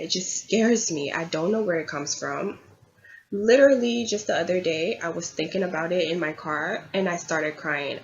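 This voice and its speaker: Tarot-reader woman, lowish voice, earnest and confiding; dull lo-fi recording. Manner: earnest, confiding, repeats herself. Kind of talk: tarot reading monologue. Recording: dull lo-fi audio with faint background hiss.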